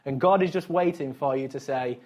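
A man's voice: medium pitch, brisk, a little mellow. A man preaching a casual, conversational sermon, chatty and self-mocking, with frequent asides to his listeners.

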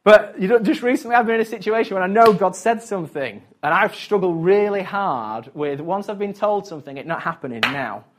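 A fairly high-voiced man gives a relaxed sermon in a chatty tone. He pokes fun at himself and keeps turning aside to talk straight to his listeners. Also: a little fast, hardly any pauses, a little hiss or hum. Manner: chatty and self-mocking, with frequent asides. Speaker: preacher. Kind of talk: casual conversational sermon.

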